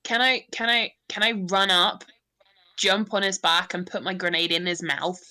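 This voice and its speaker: A woman's voice: lowish voice, level tone, normal speed, pushed and bright, low-quality recording. A woman playing a tabletop game, playful and giggly as she describes her moves. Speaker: player. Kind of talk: casual tabletop play.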